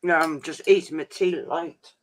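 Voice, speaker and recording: A man's voice: on the high side, steady tone, normal speed. Chatty man. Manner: rambling, chatty, says "flipping" often. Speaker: live streamer. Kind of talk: casual live-stream chat.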